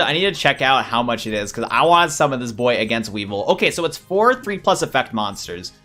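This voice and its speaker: Young man, excited rambling gameplay commentary, lively pitch, faint game music behind. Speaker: gaming YouTuber. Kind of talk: let's play commentary.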